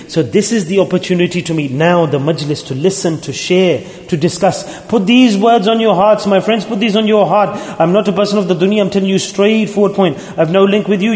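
In a roomy mosque hall with a long echo, a male Sufi teacher who leads dhikr gatherings delivers a sermon. His high, darkish voice is earnest and imploring, and he pleads and repeats his points again and again.

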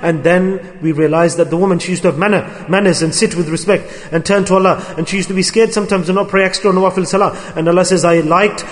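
High-voiced man preaching in an echoey hall. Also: steady tone, fast talker, hardly any pauses. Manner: storytelling, acts out quoted speech. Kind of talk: sermon.

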